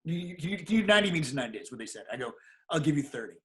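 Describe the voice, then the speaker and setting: A middle-aged man, a guest on an interview show, telling a personal story in a casual, animated way and acting out the people he quotes. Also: a little high, very fast. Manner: animated, acts out quoted voices.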